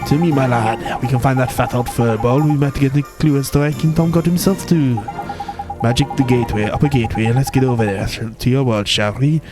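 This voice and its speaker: A man's voice: medium pitch, fairly quick, natural voice. A man voicing a chatty, boastful little male fairy sidekick in a Welsh accent, teasing and ending lines with tag questions, over game music.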